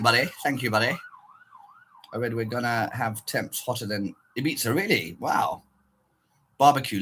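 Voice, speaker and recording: A man's voice: mid-range voice, pushed and bright, a little hiss or hum. A man chatting casually with viewers on a livestream, rambling and swearing as he potters about. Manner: rambling and profane, mutters to himself.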